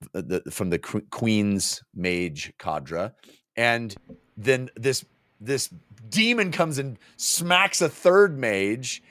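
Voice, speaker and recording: A man co-hosting a casual book podcast, his pitch bouncing lively up and down as he retells scenes. He talks with excitement, stumbling through fillers and restarts. The sound is dry and close, with no room around it. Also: no room sound. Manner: animated, enthusiastic retelling with many fillers and restarts. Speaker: podcast co-host.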